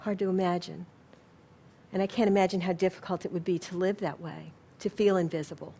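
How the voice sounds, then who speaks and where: A woman with a Southern US accent speaks to a live audience in a lecture room. Her talk on spiritual living is gentle and unhurried, and she is quick to poke fun at herself. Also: lowish voice, steady tone, slight background noise.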